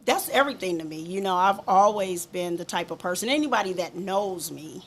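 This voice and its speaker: A woman's voice: lowish voice, animated, a little fast. A woman from Compton giving a candid interview about riding, talking emphatically and repeating her points. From Compton, California. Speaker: motorcycle rider, interview guest. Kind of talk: casual interview chat.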